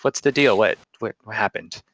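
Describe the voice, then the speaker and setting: A man's voice: on the low side, expressive, moderate pace, gravelly, a bit bright, exaggerated voice. A man voicing a jovial male innkeeper with a mock Russian accent, in a tabletop game, exuberant and repeating himself. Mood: jovial welcoming.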